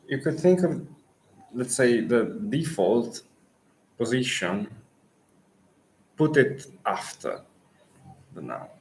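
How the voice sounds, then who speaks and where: A man with an Italian accent, a native Italian speaker coaching Italian in a live Q&A lesson, pausing thoughtfully and restarting phrases. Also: medium pitch, wildly swooping pitch, gravelly, a little mellow, slight background noise, low-quality recording.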